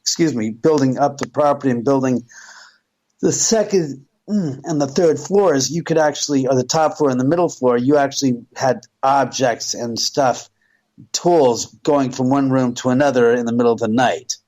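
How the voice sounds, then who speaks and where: A middle-aged man, a radio show guest, telling a story with lively quoted voices. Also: medium pitch, moderate pace, rough recording.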